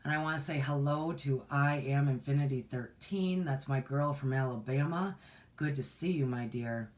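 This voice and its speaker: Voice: mid-range voice, normal speed. A meditation teacher in their forties hosting a casual livestream, talking in a folksy, rambling way with many restarts. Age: 40s. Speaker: meditation teacher and channel host.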